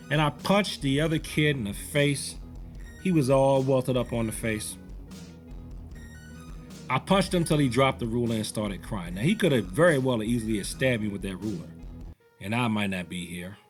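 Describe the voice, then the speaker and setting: Forties male instructor, animated storyteller with a lively voice, faint music underneath. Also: mid-range voice. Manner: animated, conversational, rambling. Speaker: martial arts instructor. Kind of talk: storytelling commentary.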